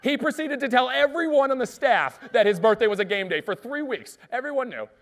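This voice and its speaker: A man giving an energetic keynote speech, telling stories and asking the audience questions. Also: very high voice, a little fast. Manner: lively, asks the audience questions. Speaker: keynote speaker.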